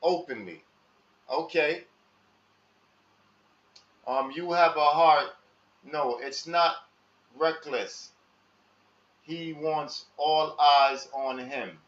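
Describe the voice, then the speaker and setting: A man with a slightly high voice speaks in an unhurried, drawn-out way, full of street slang. He talks straight to his viewers and keeps asking them for their advice. The sound is muffled and lo-fi, and it rings in an echoey room. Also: fairly bright tone. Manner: slow, street slang, asks the audience for advice. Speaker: live stream host. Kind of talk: casual monologue to live chat.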